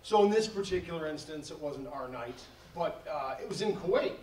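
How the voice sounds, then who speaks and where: Guy telling a rambling story at a live event, kinda high voice, echoey room, mic far off, faint noise. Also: animated, brisk, a little mellow. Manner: rambling, laughing, acts out quoted dialogue. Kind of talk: casual storytelling to a live audience. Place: event hall.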